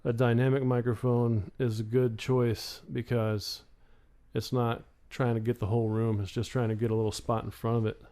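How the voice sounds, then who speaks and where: A man's voice: little pitch movement, moderate pace, mellow. A man co-hosting a livestream from a studio, explaining gear methodically in casual talk while thinking aloud. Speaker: livestream co-host. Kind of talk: casual technical chat. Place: home studio in Austin, Texas. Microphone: studio condenser microphone. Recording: air conditioning hum and computer rumble in the room.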